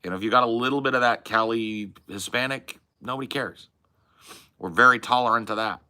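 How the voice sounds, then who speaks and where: A man's voice: medium pitch, fairly quick, sharp tone, clear, resonant tone. A Californian man co-hosting a podcast, chatting loosely and rambling with lots of fillers. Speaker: podcast co-host. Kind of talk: casual chat.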